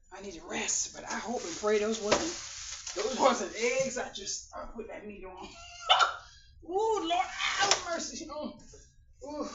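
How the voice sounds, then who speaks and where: A woman vlogger chatting casually and exuberantly at home in her kitchen, humming, laughing and calling out to her viewers. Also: on the high side. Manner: exuberant, hums and laughs, folksy Southern-style talk. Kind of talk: casual grocery haul vlog. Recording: roomy, distant, dull lo-fi with noise.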